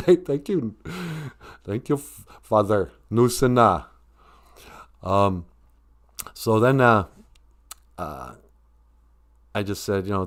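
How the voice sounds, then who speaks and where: A man's voice: lowish voice, animated, measured pace, long pauses. An older man hosting a casual live stream about Ojibwe, rambling and joking, often breaking into laughs. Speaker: host teaching Ojibwe.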